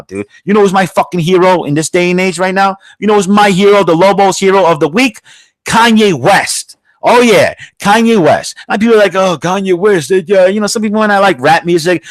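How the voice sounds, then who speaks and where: A man's voice: high voice, no echo. A man hosting a podcast, delivering a heated political rant that is full of swearing and rambling restarts. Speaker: podcast host.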